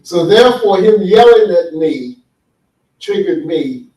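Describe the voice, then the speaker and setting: A man speaks slowly and expressively in a high, warm voice during an earnest conference talk on healing for men. He tells stories and asks the audience questions in a big hall. The echoey recording has him far from the mic.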